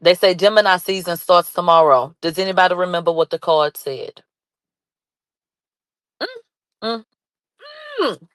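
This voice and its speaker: Excitable woman vlogger with a dry sound. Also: lowish voice, moderate pace, pauses often, dry recording. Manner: animated, shouts and laughs, reads chat aloud. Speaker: commentary vlogger. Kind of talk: excited live commentary.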